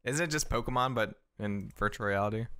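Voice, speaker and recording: A man's voice: medium pitch, brisk, bright, forceful tone, clean tone, no room sound. A man in a casual podcast chat who laughs often at his co-hosts. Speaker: podcast co-host.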